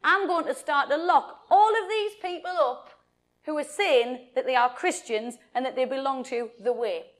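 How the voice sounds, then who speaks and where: A woman voicing Saul, an angry, zealous man, in an indignant, forceful tone in a children's Bible story. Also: sits high, normal speed, close to an everyday voice.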